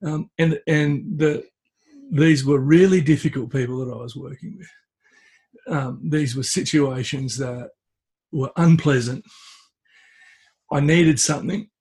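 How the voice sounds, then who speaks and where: A man, a podcast guest, telling a folk tale in a relaxed conversational way, often stopping and restarting his phrases. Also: on the high side, measured pace, pauses often, breathy edge. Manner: hesitant, restarts phrases, tells story with acted quotes. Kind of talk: conversational storytelling. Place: at home with a cat.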